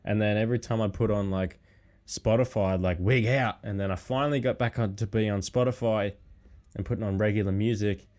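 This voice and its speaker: A man's voice: lowish voice, fairly even intonation, brisk, a little mellow. A man talking as a podcast guest in a laid-back, rambling way, swearing a lot. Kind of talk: casual chat.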